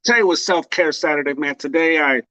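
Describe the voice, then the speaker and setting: A man's voice: on the high side, fairly quick, pushed and bright, no echo. A man co-hosting a casual podcast, telling a story in a playful, mock-tearful way. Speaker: podcast co-host. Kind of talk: casual chat.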